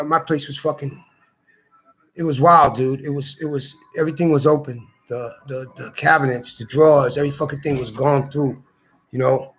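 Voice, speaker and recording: A man's voice: fairly high pitch, a bit bright. An older man ranting angrily to the camera, heated and profane, repeating himself as he tells it. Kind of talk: angry rant to camera.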